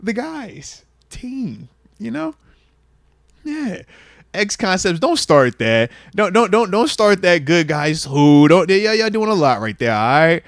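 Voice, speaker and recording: A man hosting a casual sports talk show, playful and animated, often laughing and repeating himself. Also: sits high, a little slow, no room sound, studio quality. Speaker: podcast host.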